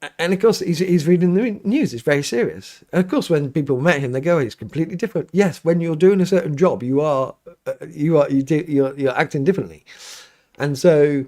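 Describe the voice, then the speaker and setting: A man's voice: a little high, a little fast, mellow. A middle-aged man, a priest hosting a live question-and-answer stream from his home studio, talks casually and rambles with many restarts and fillers.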